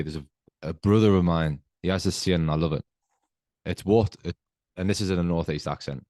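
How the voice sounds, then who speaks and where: Podcast host, male, very low voice, dry close mic; earnest motivational monologue, slow and emphatic. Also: dark tone, dry recording.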